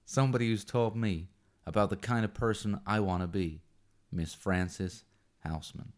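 A British man reading lines as a brooding male dance instructor in a clumsy put-on American accent, flat and self-conscious. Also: fairly low pitch, moderate pace, close to an everyday voice. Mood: defiant. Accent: mock American put on by a British speaker.

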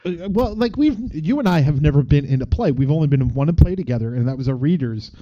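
A man's voice: fairly high pitch, animated, fast. A man co-hosting a casual podcast, explaining things in a rambling way with lots of fillers. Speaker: podcast co-host. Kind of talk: casual chat. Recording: dull lo-fi recording.

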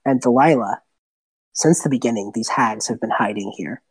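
A woman game master narrating a tabletop game in a relaxed, descriptive way. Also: very deep voice, moderate pace, slightly rough, poor audio. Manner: relaxed, descriptive, some restarts.

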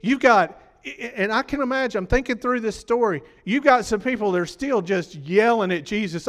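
High-voiced preacher in a reverberant hall. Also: male voice, moderate pace, hardly any pauses, a bit bright. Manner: conversational, questions the congregation. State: voice worn from preaching. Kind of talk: sermon.

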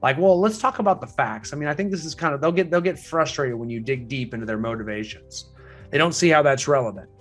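A man's voice: fast, fairly bright tone, faint music behind. A man teaching real estate agents in a training lecture, emphatic and full of rhetorical questions, repeating his key points. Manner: swings pitch up and down for emphasis.

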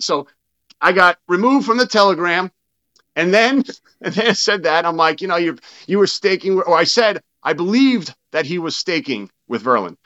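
A man with a high, bright, forceful voice talks as a guest on a podcast. He tells his story bluntly, with plenty of swearing, and replays his own side of past arguments. The audio sounds dull and lo-fi. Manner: blunt and profane, retelling arguments in his own quoted words. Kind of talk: casual interview storytelling.

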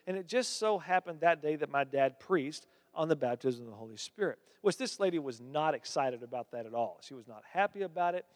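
A man delivers a sermon with a notably high voice, growing animated and climbing higher as his stories build. His words ring out with a long reverb, as in a large church sanctuary. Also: a little fast, hardly any pauses. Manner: animated storytelling, voice climbs when excited. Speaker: preacher.

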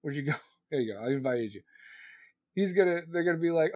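A man rants in a loose, crude and sarcastic way, drifting from one tangent to the next. His voice sits a bit high for a man, and the recording is dry and close with no room sound. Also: fast, long pauses, a little mellow, dry recording. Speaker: live-stream host. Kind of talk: casual profane rant.

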